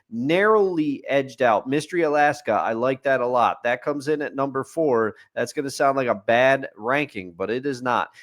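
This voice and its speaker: A man's voice: a little high, fairly bright tone. Easygoing male podcast co-host. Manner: easygoing, conversational, hedging with fillers. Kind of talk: casual podcast chat.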